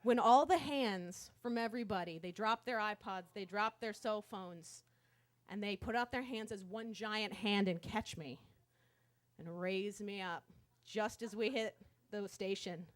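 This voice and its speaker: A woman telling a comic story on stage, animated and profane, swinging from hushed to loud. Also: medium pitch, a little slow. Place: stage at a live show.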